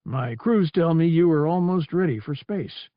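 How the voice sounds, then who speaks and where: A man voicing a gravelly elderly alien admiral who speaks formally and courteously, in an audiobook. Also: fairly high pitch, expressive, no echo, highs cut off, voice pushed up, natural voice. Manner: formal, measured speech.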